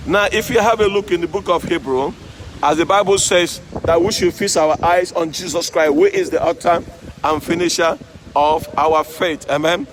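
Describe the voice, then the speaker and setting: A man with a high voice preaching outdoors beside a road. He keeps asking his listeners "Amen?" and "you see?", while loud traffic noise runs under the whole recording. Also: normal speed. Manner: call-and-response, repeated "Amen?" and "you see?". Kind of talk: street sermon. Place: outdoors by a road with passing cars in the rain.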